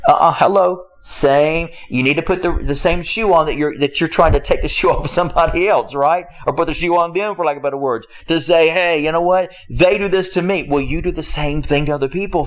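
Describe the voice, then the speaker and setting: A man's voice: on the high side, lively intonation, fairly quick. A man preaching a conversational sermon, emphatic and repetitive, often breaking off with a rhetorical "hello?" and chuckling as he talks. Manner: chuckles while speaking.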